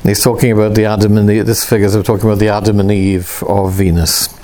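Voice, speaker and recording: A man's voice: lowish voice, little pitch movement, quick pace, mellow. A male lecturer reading a novel aloud and stopping for hesitant explanatory asides.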